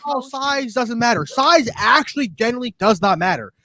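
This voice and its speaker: A man's voice: extremely high pitch, lively intonation, normal speed, bright, forceful tone. A young man co-hosting a podcast, rambling and laughing through crude casual chat. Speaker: podcast co-host.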